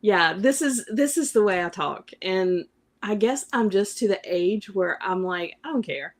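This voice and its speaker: A woman's voice: mid-range voice, measured pace. A woman with a Southern US accent co-hosting a casual podcast chat, laughing often. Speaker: podcast co-host.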